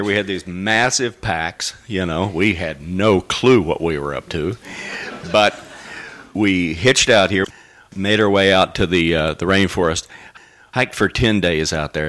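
A man from Oklahoma telling a personal story to a live lecture audience, relaxed and chuckling as he goes. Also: low-pitched, normal speed. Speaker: lecture speaker.

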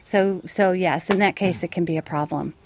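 A woman's voice: fairly low pitch, moderate pace, a little mellow, slight background noise. A woman who runs a wild bird rescue, answering interview questions in a chatty way, laughing often and correcting herself.

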